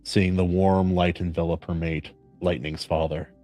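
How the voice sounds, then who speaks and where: Deep-voiced man reading aloud. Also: little pitch movement, soft background music. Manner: measured, earnest reading; warm praise in chat. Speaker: podcast host reading a story aloud. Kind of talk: story reading and casual chat.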